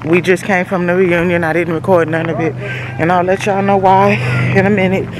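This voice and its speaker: A woman's voice: lowish voice, level tone, moderate pace, background noise. A woman from Louisiana with a Southern accent, talking casually and emotionally to her viewers while filming outdoors on a handheld phone. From Louisiana, USA. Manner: chatty, emotional, keeps calling viewers "y'all". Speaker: vlogger. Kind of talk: casual vlog chat to viewers. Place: outdoors at a rural family property. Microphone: handheld phone camera.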